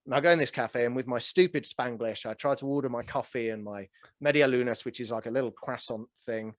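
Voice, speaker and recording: A man in his early forties hosting a casual interview, telling stories with animated energy and a self-deprecating chuckle. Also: mid-range voice, brisk, dry recording, studio quality. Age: 40s. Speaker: podcast host.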